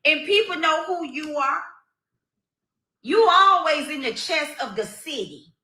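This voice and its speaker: A woman's voice: high voice, expressive, a little slow, sharp tone, echoey room. A woman speaking emphatically to a rival in a clip played from another live stream.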